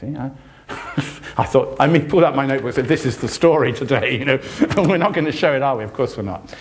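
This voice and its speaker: A man's voice: lively intonation, quick pace, a little hiss or hum. An older man with a British accent giving an impassioned, sardonic lecture as a journalist in a university hall. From Britain. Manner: impassioned, sardonic, pitch swings widely when stressing points. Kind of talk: passionate public lecture.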